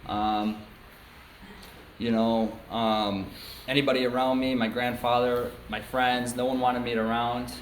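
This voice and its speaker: A man's voice: mid-range voice, flat delivery, a little slow, a little hiss or hum. Young man from New York State, candid casual testimony full of fillers, recorded in a roomy hall. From New York State, USA. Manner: casual, frank storytelling with many ums and you-knows. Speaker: speaker sharing his story at a recovery meeting. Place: meeting room before a small group. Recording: echoey meeting room, faint ambience.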